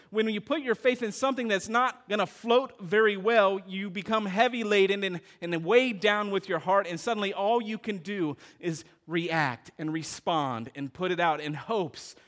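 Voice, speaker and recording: A middle-aged man preaching a sermon, talking to the congregation, asking them questions and telling stories. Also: high-pitched. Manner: animated preaching with audience call-outs and storytelling. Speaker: pastor.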